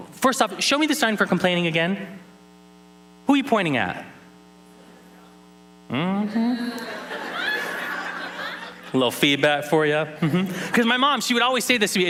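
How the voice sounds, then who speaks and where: Male keynote speaker, bright lively voice, plays to the crowd, faint hum on the line. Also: on the high side. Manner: playful, teasing, jokes with the crowd. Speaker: keynote speaker teaching sign language. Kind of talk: lively conference keynote with audience participation. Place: large conference hall.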